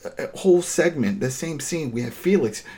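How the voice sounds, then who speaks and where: A man hosting a casual episode recap, ranting in an animated, exasperated way, swearing and acting out bits of the scenes. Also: on the high side. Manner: acts out character lines in quick impressions.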